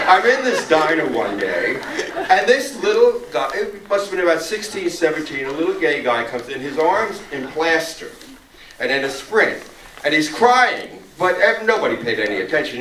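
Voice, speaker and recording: Animated male storyteller in an echoey theater. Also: medium pitch, a little hiss or hum. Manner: animated storyteller acting out quoted voices. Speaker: panel speaker. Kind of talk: storytelling at a post-screening discussion. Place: theater auditorium. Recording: echoey room, far from the mic.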